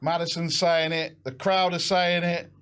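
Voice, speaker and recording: A young man hosting a live football watch-along, excitable and shouting encouragement. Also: fairly high pitch, measured pace, clean tone.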